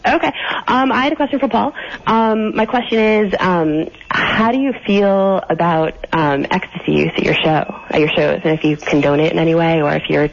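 A male caller asking a hesitant, halting question on a radio call-in show, over a dull, faintly noisy line. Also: sits high, creaky.

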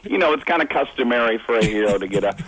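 A man talking as a guest on a radio show, telling a story with quick, wry, deadpan jokes. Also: medium pitch, breathy edge, low-quality recording. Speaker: phone-in guest, actor. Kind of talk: casual radio banter.

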